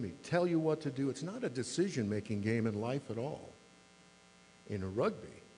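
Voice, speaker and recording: A man's voice: medium pitch, darkish tone. A man in his sixties giving a mayor's talk to a club, telling wry, self-deprecating stories. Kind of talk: humorous anecdotal speech. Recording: reverberant hall with faint mains hum.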